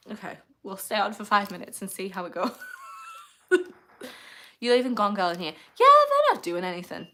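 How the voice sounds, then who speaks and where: A young woman talks casually on her livestream at a middling pitch. She rambles from one thought to the next, reads viewer comments aloud and laughs readily along the way. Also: a bit bright. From United Kingdom. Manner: chatty and rambling, quick to laugh. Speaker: livestream host.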